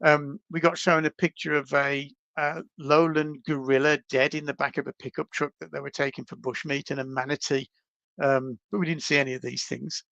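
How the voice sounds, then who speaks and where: A man, a podcast guest, telling travel stories in a casual, animated, self-deprecating way over a video call. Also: fairly high pitch, a little fast, vocal fry, dry recording, lo-fi sound. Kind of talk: casual storytelling.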